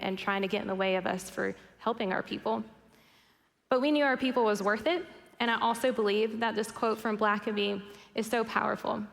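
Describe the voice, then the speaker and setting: A woman's voice: medium pitch, a bit bright. A woman giving a faith-based keynote talk to a conference audience, speaking earnestly and directly to the listeners. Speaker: conference speaker, company co-founder. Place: large conference hall. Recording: long hall reverb on stage talk.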